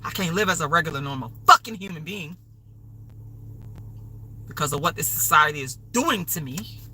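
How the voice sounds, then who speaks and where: A woman's voice: sits low, expressive, moderate pace, bright, forceful tone, a little hiss or hum, low-quality recording. A woman hosting a livestream, delivering an angry, profane, repetitive rant. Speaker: livestream host.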